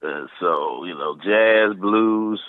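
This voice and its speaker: Voice actor guest, man in his fifties from Saint Louis, very low voice, animated storyteller, tinny phone line. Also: no room sound. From Saint Louis, USA. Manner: animated, tosses in quick voice impressions. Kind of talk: casual storytelling interview. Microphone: phone call.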